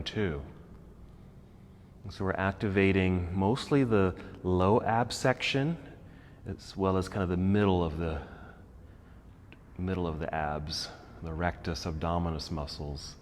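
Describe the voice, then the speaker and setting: A man teaching a yoga class with calm, encouraging step-by-step cues. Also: low voice, unhurried. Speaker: yoga instructor. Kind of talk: guided yoga class instruction. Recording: echoey room with faint background noise.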